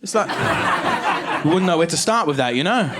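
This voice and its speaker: A man's voice: fairly high pitch, animated, moderate pace, very noisy. A man in his thirties from England performing a stand-up comedy set, self-mocking and punchy.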